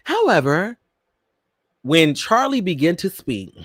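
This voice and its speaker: Man, campy podcast host, sassy gossip, lively swooping pitch, slightly high voice, dry close sound. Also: takes it slowly, no room sound. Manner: sassy, campy, animated, addresses listeners as "girl" and "Miss Thing". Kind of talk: casual pop-culture commentary.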